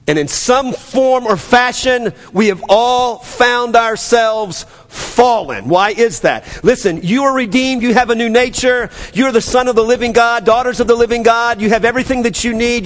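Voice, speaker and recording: A man with a New Orleans accent preaching a sermon as pastor, animated and acting out the scripture dialogue with stammered restarts. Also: very high-pitched, measured pace. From New Orleans area. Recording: long hall reverb.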